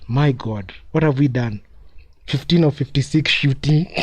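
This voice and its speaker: A man's voice: medium pitch, dark tone. A man streaming live commentary on a basketball game, mocking the losing team, laughing often and repeating himself.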